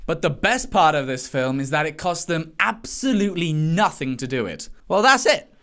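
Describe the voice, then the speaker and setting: A man's voice: a little high, animated, moderate pace, fairly bright tone. A man doing wisecracking, sarcastic comedic commentary on news stories. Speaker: comedy vlogger.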